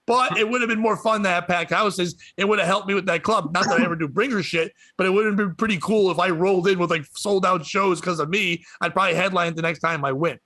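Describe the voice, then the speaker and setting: Comedian guy, high bright voice, swears constantly, dry close sound. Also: quick pace, few pauses, dry recording. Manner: profane, animated rant. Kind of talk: casual storytelling on a podcast.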